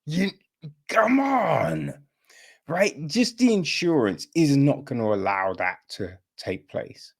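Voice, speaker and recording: A man hosting a film review podcast, talking casually with many fillers and swinging from high exclamations to low mutters. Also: big pitch swings, slow, creaky. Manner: incredulous, rambling, with many fillers.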